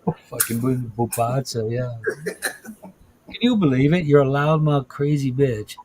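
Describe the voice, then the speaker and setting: On poor audio, a man with a medium, darkish voice speaks a little slowly. Once a bus driver and now a podcast host, he chats casually, spinning crude, laugh-filled yarns about the job and frequently backtracking to restart.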